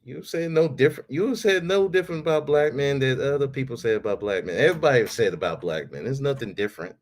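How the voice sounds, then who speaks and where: A man's voice: medium pitch, lively intonation, fast. A man hosting a podcast, ranting in a casual, heated way, swearing freely and repeating himself. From United States. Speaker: podcast host.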